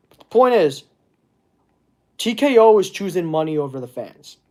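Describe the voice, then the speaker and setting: A man from Canada, hosting a casual livestream and chatting with viewers in a halting, earnest way as he searches for words. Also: sits high, sing-song, warm tone. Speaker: wrestling channel host. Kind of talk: casual livestream chat reading comments.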